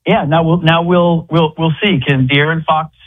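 A man's voice: a little high, fairly even intonation, moderate pace. Man talking basketball over a dull line. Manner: rambling with many restarts. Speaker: guest basketball analyst. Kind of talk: casual sports chat by phone.

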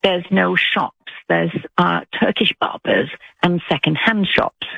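British woman caller, gravelly and husky voice, dull phone-line sound. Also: on the low side, unhurried, dry recording. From United Kingdom. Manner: earnest, rambling with restarts. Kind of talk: call-in talk radio.

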